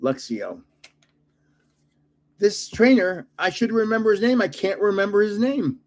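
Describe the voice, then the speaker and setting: A man's voice: high voice, expressive, measured pace. An older man hosting his own channel, chatting casually while opening card packs and chuckling at his own guesses. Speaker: card-collecting channel host. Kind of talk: casual pack-opening chat.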